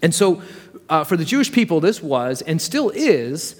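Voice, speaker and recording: A man's voice: on the high side, very animated, moderate pace, a little mellow, big-room sound. A man preaching a sermon as pastor, in a conversational, vivid storytelling manner.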